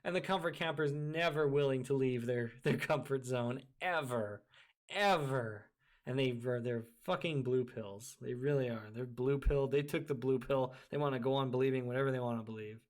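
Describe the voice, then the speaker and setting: A man's voice: medium pitch, normal speed. Profane, scornful man ranting. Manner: profane, scornful, emphatic, frequent laughter. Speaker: video creator. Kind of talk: ranting monologue.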